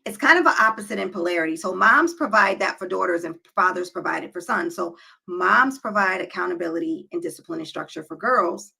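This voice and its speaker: This is a woman lecturing her viewers on relationships in a direct, emphatic way. Her voice is strongly gravelly and a little husky, with a bright, pressing edge. She sits a touch low in pitch and keeps tossing in quick checks like "right?" to pull the listener along. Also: rough recording. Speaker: relationship advice vlogger. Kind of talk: direct-to-camera advice talk.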